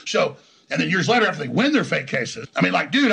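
A middle-aged man talks through a heated interview, his voice thick with gravel and rough, breathy husk. He speaks in a slightly high register for a man and piles up restarts and repeated words as he pushes his point. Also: sing-song, bright, forceful tone. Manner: rapid, combative, rambling with frequent restarts. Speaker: interview guest. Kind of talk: heated conversational storytelling.

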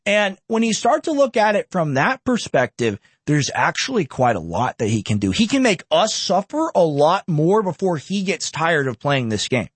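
A man's voice: on the high side, big pitch swings, normal speed, few pauses, breathy edge, dry recording. A man from Texas hosting a political commentary show, ranting sarcastically and reading news aloud with cutting asides. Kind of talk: opinionated political monologue.

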